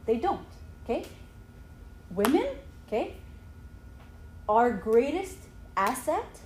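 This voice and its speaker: Lively high-voiced woman speaking in an echoey hall. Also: slight background noise. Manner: animated, often ends lines with "okay?". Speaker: speaker at a church youth talk. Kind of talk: lively talk with slides. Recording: echoey hall, faint ambience.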